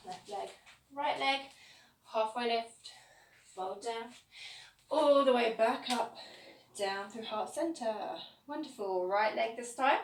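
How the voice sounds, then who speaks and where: A woman teaching a yoga class, calmly cueing each pose step by step. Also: a little high, slight background noise. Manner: calm step-by-step cueing of poses. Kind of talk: guided yoga class instruction. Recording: echoey room, voice from a distance, faint ambience.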